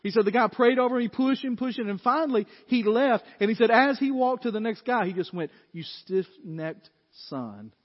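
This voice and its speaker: High-voiced preacher in a big echoing hall. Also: male voice, fast, few pauses. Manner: dynamic preaching, swinging from loud emphatic peaks to low quiet asides. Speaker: pastor. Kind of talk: sermon. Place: church sanctuary. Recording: dull sound in a large reverberant hall.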